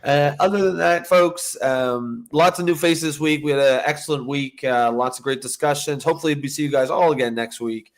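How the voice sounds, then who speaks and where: A man's voice: fairly high pitch, a little fast, few pauses. Guy cohosting a politics show, rambles a lot, casual chat, restarts his sentences. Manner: rambling, lots of fillers and restarts. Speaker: podcast co-host.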